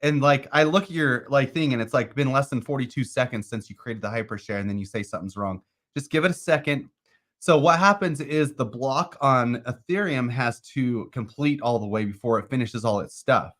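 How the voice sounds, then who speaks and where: A co-host on an investing show chats casually about crypto, explaining a process in a loose, rambling way full of "like" and "uh." His voice is mid-range, fairly quick and a bit bright.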